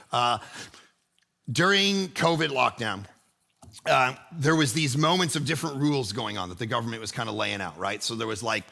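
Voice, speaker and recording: Male pastor, middle-aged, gravelly edge, bright tone, casual and animated storyteller. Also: medium pitch. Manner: animated, acts out voices in his story, casual slang. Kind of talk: sermon with a storytelling anecdote.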